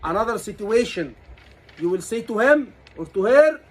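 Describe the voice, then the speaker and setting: A man's voice: sits high, sing-song, moderate pace, poor audio. A man with an Egyptian accent teaching a class as an exam tutor, asking questions and repeating key words.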